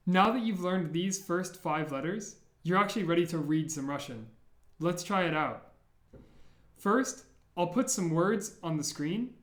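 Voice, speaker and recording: A man with a fairly high voice gives a beginner language lesson, patiently spelling out each sound and repeating it. The room is echoey, so his voice rings off the walls. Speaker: language teacher.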